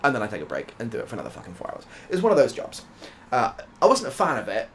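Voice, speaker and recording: A man's voice: mid-range voice, wildly swooping pitch, rapid-fire, a little hiss or hum. A young British man casually chatting and rambling through a story while playing a game, swearing now and then. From United Kingdom. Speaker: ASMR gaming streamer. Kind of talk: soft-spoken gameplay chat.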